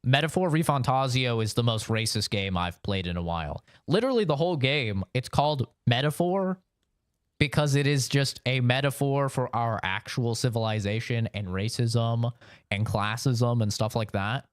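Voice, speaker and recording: A man's voice: medium pitch, lively intonation, normal speed, smooth, dry recording, studio quality. A man live-streaming a game, chatting loosely with his chat, rambling and swearing freely. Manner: rambling, profane, answers chat with frequent "you know". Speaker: gaming streamer.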